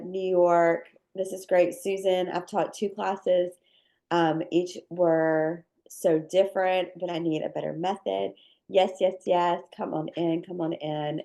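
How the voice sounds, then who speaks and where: A woman hosts a live cookie-class webinar over a video call, her slightly low voice thick and nasal from a cold. She chats casually, repeating her welcomes with plenty of ums and likes. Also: darkish tone. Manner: upbeat, repeats welcomes, many fillers. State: congested with sinus drainage. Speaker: cookie decorating teacher hosting a live class.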